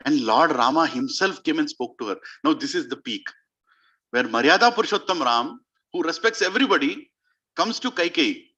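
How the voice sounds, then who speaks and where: A man preaching a devotional story, his fairly high voice leaping animatedly with emphatic questions to the room. The tone is bright and forceful, and the recording sounds dull and lo-fi. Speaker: spiritual speaker. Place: community clubhouse hall before an audience.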